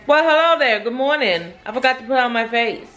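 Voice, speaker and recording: A woman's voice: high voice, expressive, a little fast, fairly bright tone, muffled recording. Chatty woman vlogging at home. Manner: chatty, teasing, grumbling asides. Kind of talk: casual home vlog chat.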